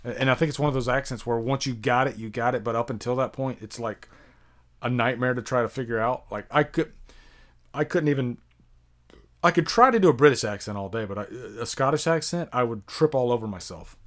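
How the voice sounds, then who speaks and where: A man's voice: mid-range voice, fairly quick. A man from the United States hosting a casual live-stream Q&A, chatty and rambling as he answers viewers. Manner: rambling and chatty, many fillers, reads out viewer questions. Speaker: YouTube horror movie reviewer, live stream host.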